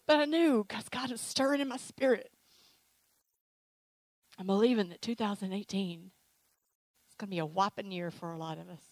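A woman's voice: mid-range voice, moderate pace, long pauses, no echo, rough recording. Woman preacher leading an altar call, emotional and playful, dry close mic. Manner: emotional, animated, playful with acted asides. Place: church sanctuary.

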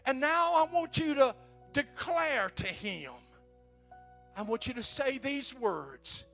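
A man preaching a sermon to his congregation, dropping to whispers and building to shouted praise, repeating phrases for emphasis. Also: very high-pitched, expressive, takes it slowly, creaky, faint music behind. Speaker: pastor.

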